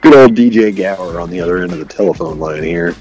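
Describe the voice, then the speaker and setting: A man's voice: low voice, expressive, quick pace, gravelly, a little mellow, low-quality recording. A man co-hosting a radio show by phone in casual banter, laid-back and swearing often. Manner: laid-back, swears a lot, says bro. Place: at home, on a phone line.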